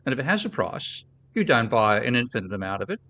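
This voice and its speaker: A man's voice: medium pitch, big pitch swings, pushed and bright. An older man with an Australian accent, a guest economist arguing his point bluntly. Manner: blunt, quick to object.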